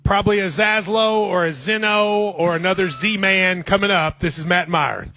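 A man's voice: sits high, normal speed, sharp tone. A man hosting a radio show, making casual sports picks in an easygoing, joking way. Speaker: radio host.

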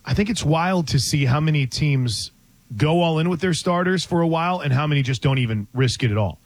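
A man co-hosting casual sports talk, his voice recorded close and dry. His voice sits slightly high for a man. He is chatty and animated and thinks through his points out loud. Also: brisk, dry recording. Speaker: podcast co-host.

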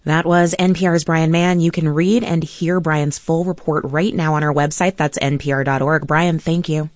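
Female news host, dry studio sound, crisp scripted read. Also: deep voice, fairly even intonation, normal speed, a little mellow, no echo. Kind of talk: radio news hosting.

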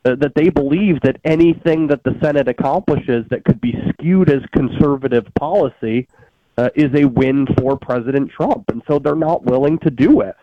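A man's voice: mid-range voice, moderate pace, no room sound. Guy ranting about politics on a talk show, lots of uhs, dry muffled mic. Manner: emphatic, lots of "uh" fillers and restarts. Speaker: political commentator.

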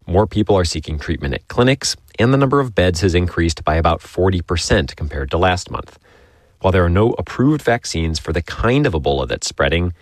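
A man reporting a radio news story in a steady, informative way. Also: low voice, no echo.

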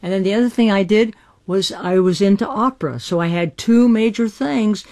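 A woman's voice: mid-range voice, moderate pace, mellow. An older American woman in her eighties tells her story with spirit and emphasis. She speaks in an archived radio interview, firm and keen. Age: 80s.

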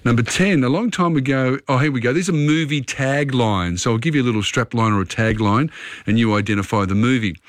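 Brisk radio quizmaster. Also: male voice, medium pitch, no echo, clean studio sound. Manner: brisk, friendly quizmaster, quick asides and fillers. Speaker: radio host. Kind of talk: radio quiz hosting. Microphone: studio microphone.

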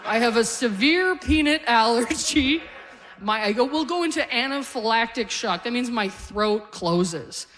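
Middle-aged woman stand-up comic, slightly high voice, storytelling delivery. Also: expressive, measured pace, fairly bright tone. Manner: storytelling, acting out family members in quotes. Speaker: stand-up comedian. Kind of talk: stand-up comedy set. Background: audience laughter.

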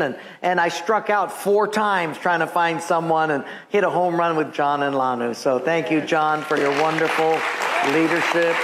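An older man in his seventies preaching in a church. His voice is notably high, and he spins folksy stories and chuckles at his own jokes. A faint crowd of congregants is heard behind him. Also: fairly bright tone, slight background noise. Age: 70s. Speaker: pastor. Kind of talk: sermon with jokes. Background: congregation laughing.

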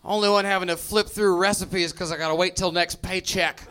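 A man's voice: sits high, steady tone, brisk, fairly bright tone. A man doing a stand-up set, exasperated and self-mocking. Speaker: stand-up comedian.

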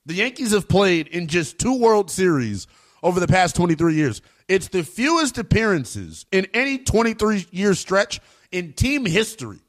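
A man giving emphatic, opinionated sports commentary in a slangy, animated way. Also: sits high, moderate pace.

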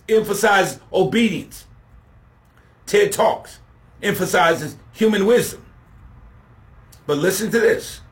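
A man preaching a sermon, slow and emphatic, building to shouted refrains as he contrasts points. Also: high-pitched.

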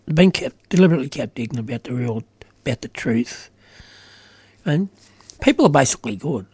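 A middle-aged Australian man with an Australian accent talks earnestly and emphatically in a casual political conversation, saying "you know" a lot. His voice is a little high and a little mellow with a breathy edge, recorded dry.

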